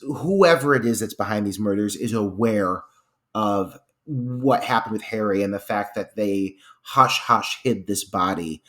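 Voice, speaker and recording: A man chats about a movie on a podcast in a casual, meandering way. His voice sits somewhat low, and his phrasing is loose and full of fillers and restarts as he works out his point. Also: unhurried, a bit bright. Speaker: podcast co-host. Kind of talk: casual film discussion.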